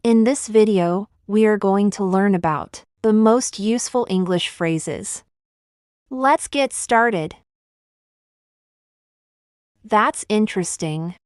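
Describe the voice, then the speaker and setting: Female English teacher, very slow and deliberate delivery, smooth voice, dry close mic. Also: mid-range voice, a little mellow, no echo. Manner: slow, deliberate, clearly enunciated. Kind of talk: slow scripted phrase lesson.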